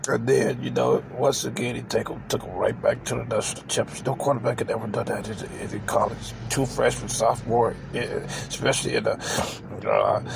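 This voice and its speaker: A man's voice: medium pitch, fairly even intonation, brisk, gravelly, noisy background. A man hosting his own channel, ranting emotionally about football, emphatic and repetitive, tagging "man" onto his sentences. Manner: openly emotional, says he cries on camera. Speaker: channel host. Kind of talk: ranting football reaction vlog.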